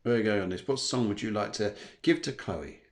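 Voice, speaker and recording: A man's voice: on the low side, fairly quick. A man hosting a live stream as a psychic medium, rambling and repeating phrases as he passes on messages. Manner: rambling, repeats phrases, tags sentences with "here". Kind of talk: live-stream spiritual reading.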